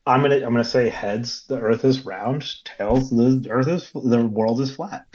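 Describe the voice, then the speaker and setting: A man's voice: medium pitch, a little slow, darkish tone, lo-fi sound. A man playing in a tabletop game, arguing his case and laughing often. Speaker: player. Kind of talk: casual game banter.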